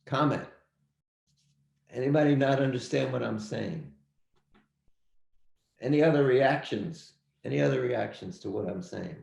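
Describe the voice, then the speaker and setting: A man's voice: mid-range voice, unhurried, vocal fry, long pauses, a little mellow, reverberant. A man teaching a history class over a video call, emphatic and repeating his points as he calls on students. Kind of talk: online class lecture.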